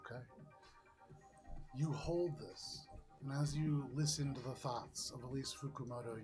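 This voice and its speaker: A man's voice: mid-range voice, unhurried, long pauses, music in the background. A young man narrating a tabletop game as game master, easygoing and descriptive, with many fillers.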